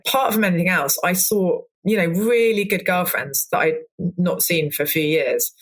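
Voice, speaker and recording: A woman's voice: lowish voice, animated, moderate pace. A woman in her forties, a cook, talking candidly in a podcast interview, rambling with restarts and acted-out quotes. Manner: open, rambling, with many restarts and quoted asides. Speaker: guest cook.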